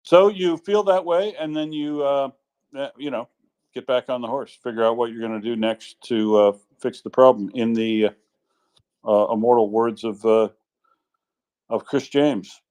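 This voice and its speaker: A man co-hosting an online audio chat speaks haltingly, starting his sentences over and over. He has an ordinary middle-pitched voice. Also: fairly even intonation, darkish tone, clear, resonant tone. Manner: halting, many restarts. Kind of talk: casual chat.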